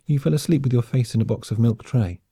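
A man's voice: mid-range voice, fast talker, creaky, warm tone, slightly rough, dry recording, voice pushed up. A man voicing a smug, teasing dapper young male officer.

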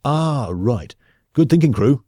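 A man's voice: mid-range voice, expressive, takes it slowly, mellow, no room sound, clean studio sound, pitched above the performer's own voice. A man voicing a pompous, blustering male space captain in an audiobook, with a bluff, clipped, commanding manner.

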